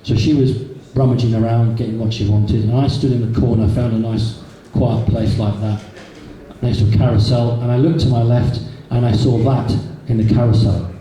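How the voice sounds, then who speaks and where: Guest speaker, man, dark mellow voice, echoey hall with faint hiss. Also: medium pitch, fairly even intonation, normal speed, recorded from a distance. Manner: chatty anecdotal storytelling with repeats. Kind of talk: public talk to a live audience. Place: meeting hall. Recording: echoey hall from a room recorder, faint noise.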